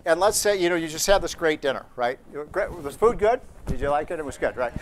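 Man, slightly high voice, anecdotal chatty delivery, restarts, faint hiss. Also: animated, fast. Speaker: speaker at a student seminar. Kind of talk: storytelling speech to students. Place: seminar room with a live audience.

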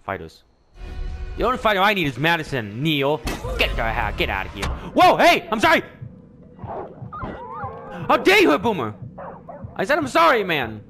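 A young man giving let's-play commentary, excitable and joking, often yelling and reacting loudly. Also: fairly high pitch, a little fast, faint music behind. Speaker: gaming YouTuber.

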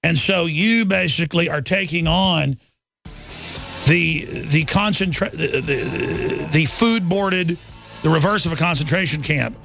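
A man's voice: on the high side, measured pace, creaky, fairly bright tone, faint music behind. A middle-aged man hosting a radio talk show, delivering an indignant, rambling monologue full of repeated words and restarts.

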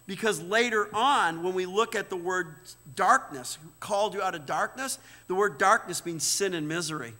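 A man's voice: sits high, moderate pace, few pauses, pushed and bright. A man preaching a sermon as pastor, emphatic, repeating words and checking in with "right?". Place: church sanctuary. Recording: church hall reverb.

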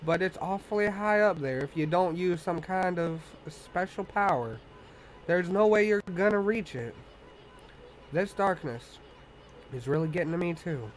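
A man's voice: high voice, measured pace, slight background noise, rough recording. A man voicing a boastful tiny male wandering artist, reading game dialogue aloud in a brash, cocky manner. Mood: chatty.

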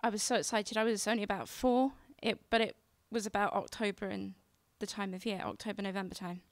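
A woman telling a childhood story on stage in an excitable, plain, repetitive way. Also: mid-range voice, fairly quick, dry recording. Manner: excitable, repeats herself, plain and direct. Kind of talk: live personal storytelling. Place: stage before a live audience.

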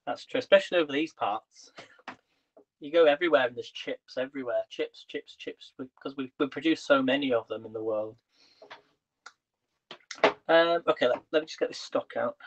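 A man's voice: on the high side, a bit bright, muffled recording. A man hosting a live cooking stream from his home kitchen, chatting with viewers and reading their comments as he cooks.

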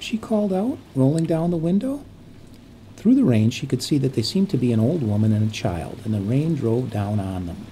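A man reads a bedtime story aloud in a calm, measured way. His voice is warm and mellow, with a lively, rising and falling intonation. A faint hiss sits under the reading. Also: medium pitch.

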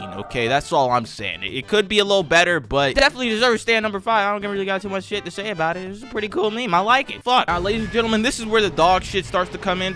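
A man's voice: fairly high pitch, sharp tone. A young man hosting a comedic meme countdown, ranting with exaggerated, profane outrage.

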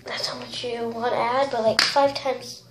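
A woman's voice: fairly high pitch, little pitch movement, normal speed, over loud music. A young woman casually filming a craft tutorial, giggling, unsure of herself and often saying sorry. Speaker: vlogger. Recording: echoey room with loud noise.

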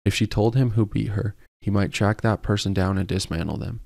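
A man narrating a romance novel as an audiobook in a steady, even storytelling manner. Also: lowish voice, a little fast, gravelly, no room sound, studio quality. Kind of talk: scripted narration.

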